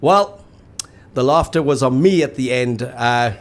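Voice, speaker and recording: In an unhurried, mid-range voice, this rugby show co-host keeps the sports talk casual. He's chatty and wry, tagging his remarks with "eh".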